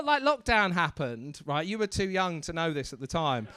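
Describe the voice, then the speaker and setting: A man's voice: fairly high pitch, very animated, moderate pace, few pauses, pushed and bright, no room sound. A man working as a comedy club MC, doing brash, teasing crowd work on stage and swearing freely into a handheld mic.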